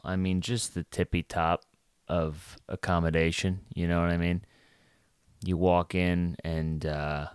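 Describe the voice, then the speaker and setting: A young adult man, a stand-up comedian, tells a casual, rambling story packed with fillers and restarts. His voice sits low and smooth, recorded dry with clean studio sound.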